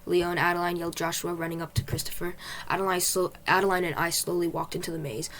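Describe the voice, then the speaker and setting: A woman's voice: lowish voice, little pitch movement, fast, fairly bright tone. A woman reading her own story aloud in first person, plain and unpolished with some restarts. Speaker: author reading own book.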